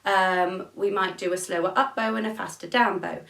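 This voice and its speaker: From a room at home with an instrument, a woman gives an online music lesson to young children, encouraging them and counting beats out loud. Her medium-pitched voice is creaky and fairly bright, with fairly even intonation and a moderate pace. The recording is noisy, with an echoey room and a distant mic.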